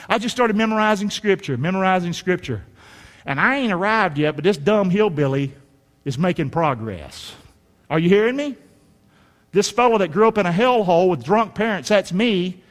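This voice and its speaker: Middle-aged preacher guy, folksy, high-ish voice jumping all over, long hall echo. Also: lively intonation, moderate pace. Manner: folksy, rising to shouts and dropping to near-whispers. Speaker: pastor. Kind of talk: sermon.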